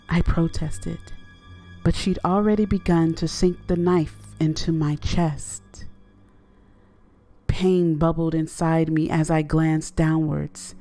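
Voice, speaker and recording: A woman narrating a horror story in a measured, low-key way. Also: steady tone, mellow, faint music behind.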